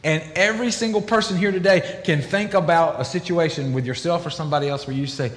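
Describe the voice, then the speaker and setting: A middle-aged man, a pastor, preaching a sermon in an animated, emphatic way, acting out quotes in different voices. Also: a little high, brisk, few pauses. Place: large church hall. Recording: echoey hall with long reverb.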